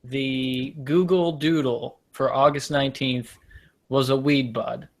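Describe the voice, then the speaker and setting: A man's voice: mid-range voice, fairly even intonation, slow. A man hosting a casual comedy show, rambling through jokey stories and often losing track of his point. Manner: rambling, self-deprecating, loses his point. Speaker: podcast host.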